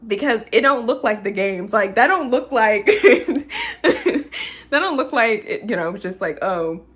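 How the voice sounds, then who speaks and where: A woman's voice: mid-range voice, a bit bright. A woman recapping a film in a casual rant, emotional and chatty, laughing between many fillers. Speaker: movie reviewer.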